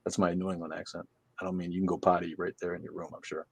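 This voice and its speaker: Sarcastic, swearing livestream host. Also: male voice, low voice, flat delivery, very fast, vocal fry, breathy edge, no room sound. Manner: sarcastic, joking, swears freely. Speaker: livestream host reading chat comments. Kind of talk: casual profane livestream chat. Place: his room.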